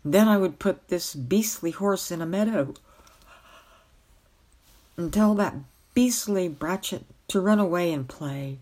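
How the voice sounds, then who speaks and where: A woman's voice: lowish voice, measured pace, darkish tone. A woman voicing a bumbling, mournful older king-knight who whines and sighs. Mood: plaintive whining. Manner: plaintive, whining, sighing.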